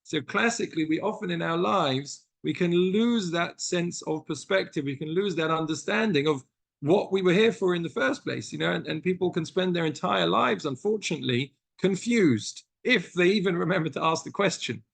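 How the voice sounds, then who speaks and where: A man's voice: high voice, moderate pace, vocal fry. A British man teaching a text study class as a rabbi, reading passages aloud and explaining them through stories in an earnest, explanatory way. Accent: British English. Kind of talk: text study lesson with storytelling.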